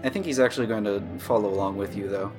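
Guy game master, chill narration, lots of ums, soft music behind. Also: lowish voice, fast. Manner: relaxed, hesitant with fillers.

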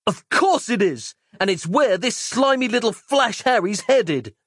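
A man's voice: high-pitched, animated, a little slow, a bit bright, husky, no room sound, pitched above the performer's own voice, heavily acted. A man voicing an arrogant, hot-headed bully who snarls and swaggers, in a dry recording. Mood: snarling.

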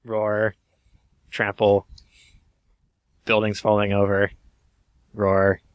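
A man voicing a dim giant lizard monster who answers in flat, deadpan roars. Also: fairly low pitch, extremely slow, clear, resonant tone, lo-fi sound. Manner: dry, deadpan, mumbled roars.

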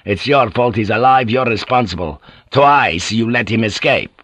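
A man's voice: fairly low pitch, normal speed, a bit bright, no room sound. Man doing a raging superstitious ship commander, storybook, blustering, dry close sound. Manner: blustering, cursing. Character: furious, superstitious middle-aged male ship commander.

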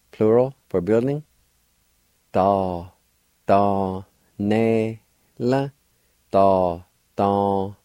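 An older man from Oklahoma works as a radio language teacher, patiently spelling out and pronouncing words letter by letter in a slow lesson. His voice is mellow and fairly low, with no echo.

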